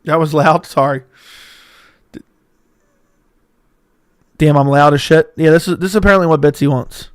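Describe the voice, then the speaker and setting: A young man hosting a casual livestream from a room at home, talking close into a studio mic, joking and crude, with sudden loud bursts. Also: fairly high pitch, normal speed, pauses often, smooth. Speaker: livestream host. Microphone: close studio mic with audio interface.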